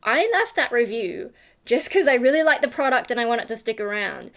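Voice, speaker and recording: A woman's voice: on the high side, animated, brisk, fairly bright tone. A woman, chatting casually to her vlog audience, rambling with lots of fillers and restarts. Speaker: YouTuber.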